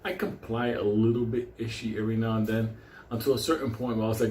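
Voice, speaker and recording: A man's voice: lowish voice, steady tone, fast talker, darkish tone, a little hiss or hum. A man on a profane, rambling rant, drifting off mid-thought and restarting. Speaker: vlogger. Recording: roomy echo, faint ambience.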